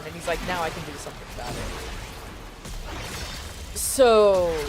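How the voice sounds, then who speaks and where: A woman streamer casually telling a story, animated and profane, with quick asides. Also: fairly low pitch, background noise.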